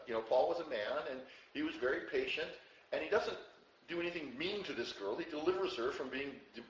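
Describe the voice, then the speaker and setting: A man preaching a verse-by-verse Bible teaching sermon in a conversational way, getting louder when he quotes a verse and dropping low for asides. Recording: roomy, dull audio with faint ambience.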